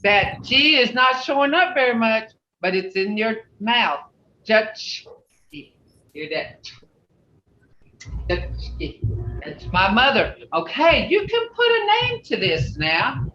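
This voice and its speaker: A woman's voice: fairly high pitch, very animated, unhurried, pushed and bright, a little hiss or hum. A woman teaching an online language class over a video call, patiently calling on students one by one and coaching them through each phrase. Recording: roomy, distant, dull video call audio.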